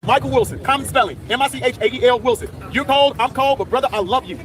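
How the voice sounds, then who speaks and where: Fast high-voiced man leading a street rally. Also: over music. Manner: rousing, profane, leads crowd chants. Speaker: protest speaker. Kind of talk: rally speech with call and response. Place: outdoors at a street protest.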